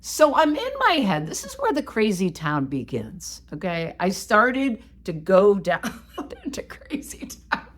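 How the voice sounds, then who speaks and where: A woman co-hosting a podcast, telling a story in a casual, animated, self-mocking way. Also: medium pitch, unhurried, hardly any pauses. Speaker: podcast co-host.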